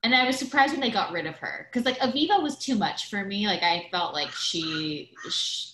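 A woman's voice: mid-range voice, animated, moderate pace, pushed and bright. Chatty woman in an echoey room. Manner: chatty, many fillers, gossipy asides. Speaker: podcast guest. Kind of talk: casual chat.

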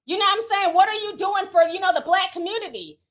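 A woman's voice: very high voice, fast talker, voice pushed up. A woman acting out a pushy woman reporter who confronts someone with pointed questions.

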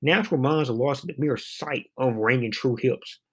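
A man's voice: mid-range voice, normal speed, husky, lightly acted. A man reading a poem aloud, voicing a brassy young woman with an exaggerated put-on accent and a rhythmic delivery.

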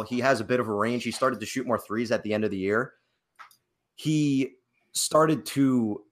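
A man's voice: medium pitch, a bit bright. A young man co-hosting a casual live sports podcast, chatty and opinionated, laughing often. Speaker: podcast co-host. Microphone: webcam and computer mic.

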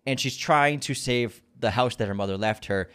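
A man's voice: mid-range voice, fairly bright tone, clean tone. A man co-hosting a podcast, talking about movies in an upbeat, jokey, casual way. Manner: upbeat, jokey, quick asides. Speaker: podcast co-host.

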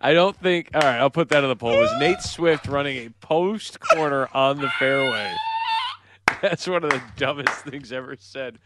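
A man co-hosting a sports radio show, asking quick questions and making wry jokes in casual banter. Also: fairly high pitch, heavy background noise.

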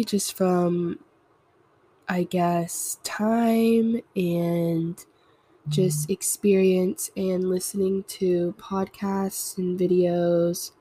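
A young woman hosts her podcast with a congested, husky voice from a cold. Her tone is soft and mellow, a little low. She rambles in a reflective, easygoing way. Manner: reflective, rambling, with many fillers. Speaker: podcast host. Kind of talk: casual solo podcast talk.

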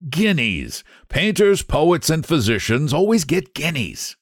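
Man putting on a loud, theatrical male painter. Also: fairly high pitch, big pitch swings, measured pace, no room sound, studio quality, pitched above the performer's own voice, full character voice. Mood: brusque. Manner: exclamatory, grandly teasing.

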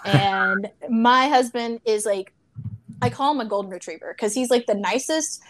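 A woman with a fairly high voice talks in an easygoing, chatty manner. She often fills her speech with "like" and "you know". She sounds like a guest in a relaxed conversation. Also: normal speed. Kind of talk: casual conversation.

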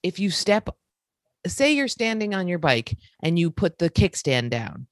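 A woman's voice: lowish voice, big pitch swings, unhurried, no room sound, studio quality. A young woman co-hosting a casual chat podcast, blunt and swearing freely as she tells stories. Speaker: podcast co-host.

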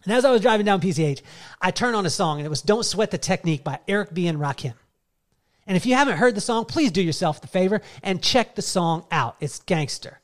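A man's voice: high voice, lively intonation, fast talker. A middle-aged man giving an emphatic, story-driven motivational speech at a live summit. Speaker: keynote speaker.

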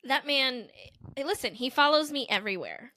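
A woman's voice: high-pitched, normal speed, slight background noise. A woman co-hosting a podcast in casual chat, telling stories animatedly and acting out the quotes. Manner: animated storytelling, acts out quotes. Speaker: podcast co-host.

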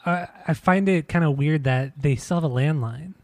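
A man's voice: fairly high pitch, moderate pace, no echo. A man co-hosting a podcast, chatting casually and making dry, teasing remarks. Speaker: podcast co-host. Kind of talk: casual chat.

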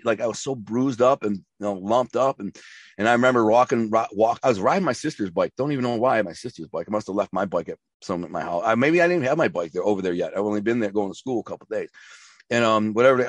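A man from the Detroit area rattles off his past at a brisk clip, piling on emphasis and slang and doubling back mid-sentence. His voice sits at an ordinary pitch for a man. The recording is dry and close, with no room sound. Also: no echo. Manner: rambling, emphatic storyteller with frequent restarts and street slang. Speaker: interview guest. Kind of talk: casual storytelling interview.

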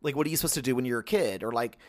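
A young man co-hosting a podcast in casual chat, rambling and animated, with lots of filler words. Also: medium pitch, very fast. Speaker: podcast co-host.

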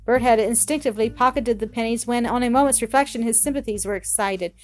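A woman reading a storybook tale aloud in a measured, clear way, her voice sitting on the high side. Soft music plays faintly behind her. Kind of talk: scripted narration.

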